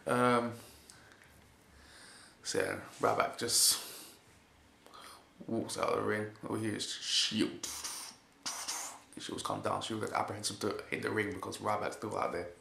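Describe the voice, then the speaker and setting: A man's voice: on the low side, little pitch movement, unhurried, vocal fry, long pauses, pushed and bright. A man giving a casual, rambling spoken recap of a wrestling show. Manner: rambling, repeats "basically", chuckles often. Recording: echoey room with faint hiss.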